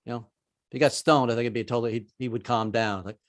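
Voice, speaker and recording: A man's voice: mid-range voice, steady tone, quick pace, no room sound, studio quality. A man doing a rambling, self-deprecating stand-up set over a video call, slipping into voices. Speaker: stand-up comedian.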